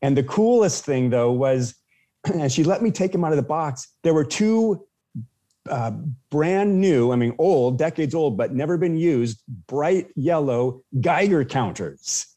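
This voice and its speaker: A man's voice: fairly high pitch, expressive, unhurried, mellow. A man casually telling a personal story as a podcast guest, with many restarts and fillers.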